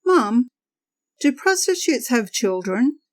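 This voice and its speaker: A woman's voice: a little high, very animated, slow pace, no room sound. A woman doing a curious young boy. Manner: innocent, questioning.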